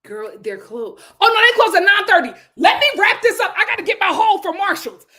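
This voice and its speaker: A woman hosting a casual reality TV recap, talking in an animated, exclamatory way with lots of incredulous reactions. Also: extremely high pitch, a little fast. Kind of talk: casual chat.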